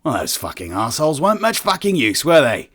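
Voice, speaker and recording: A man voicing a stressed human ship captain who swears a lot and talks in a gruff, exasperated way. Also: medium pitch, big pitch swings, fast, a bit bright, voice pushed up.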